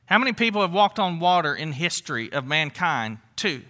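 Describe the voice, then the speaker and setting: A middle-aged man preaches in a plain, conversational manner, breaking off into asides and restarting his sentences. His voice sits high for a man and rings very bright and forceful. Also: big pitch swings, a little fast. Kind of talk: sermon.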